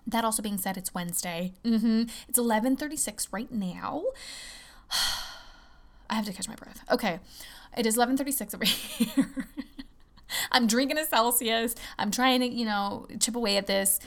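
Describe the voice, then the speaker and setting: A young woman hosting her own podcast, chatting casually and excitedly, talking fast and cursing often. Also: fairly high pitch. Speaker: podcast host. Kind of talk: casual solo podcast chat.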